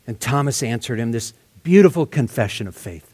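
A man preaching a verse-by-verse sermon in a conversational way, dropping to soft, hushed tones for emphasis. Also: medium pitch, big pitch swings, moderate pace, breathy edge. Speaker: pastor. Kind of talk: expository sermon.

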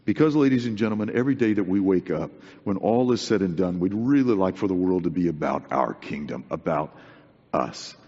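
A man's voice: deep voice, animated, brisk, mellow, breathy edge. Man preaching in a reverberant hall. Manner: earnest, conversational, emphatic repetition. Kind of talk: sermon. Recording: dull recording with long hall reverb.

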